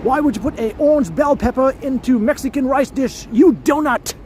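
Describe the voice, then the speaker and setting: A man putting on the voice of an angry British chef who shouts insults at cooks. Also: very high voice, moderate pace, a little hiss or hum, pitched above the performer's own voice. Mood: yelling, scornful. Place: outdoors on a city street.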